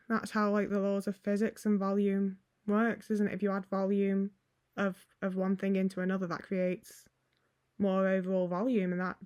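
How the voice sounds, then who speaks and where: A woman's voice: mid-range voice, far from the mic. A young woman chatting anxiously to the camera while cooking in her home kitchen, questioning herself and swearing often. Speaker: vlogger. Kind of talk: casual cooking vlog talk.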